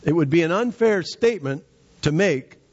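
A man's voice: on the high side, expressive, moderate pace, a little mellow, muffled recording. A man preaching a sermon with emphatic, rising and falling delivery.

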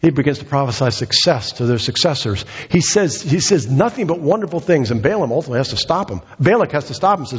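A man's voice: mid-range voice, lively intonation, fast talker, hardly any pauses, husky. A man preaching a sermon, retelling a scripture story in a conversational, storytelling way. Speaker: pastor. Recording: dull sound with long hall reverb.

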